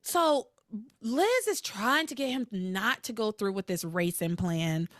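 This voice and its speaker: A woman's voice: medium pitch, measured pace, no room sound, studio quality. A woman co-hosting a podcast, chatting casually and acting out characters' lines as she recaps a soap opera. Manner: animated, acts out characters' lines with laughs. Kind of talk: casual panel chat.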